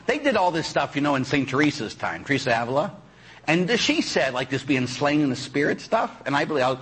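Preaching through personal stories, a Catholic priest chats his way along, frequently tacking on "huh?" and acting out others' voices. His voice is on the high side and a bit bright, with slight background noise.

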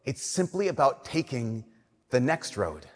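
A young man, a Catholic priest, giving an earnest, conversational homily that drops to soft emphasis. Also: medium pitch, big pitch swings, a little slow. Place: church. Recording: long church reverb.

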